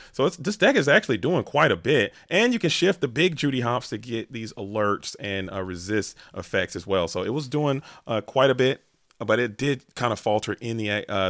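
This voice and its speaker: A man giving live tournament commentary on a card game, talking in an analytical, measured way with frequent hesitations. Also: lowish voice, fairly bright tone, no echo, studio quality.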